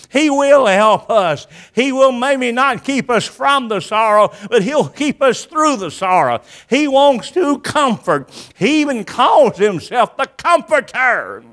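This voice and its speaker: A man preaching a sermon, paraphrasing scripture in folksy talk and swinging between soft low passages and loud high cries.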